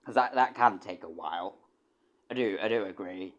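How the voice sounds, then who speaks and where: Rambling young streamer. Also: male voice, deep voice, moderate pace, muffled recording. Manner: rambling, stammering restarts, swears casually. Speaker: streamer and composer. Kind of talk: casual livestream chat.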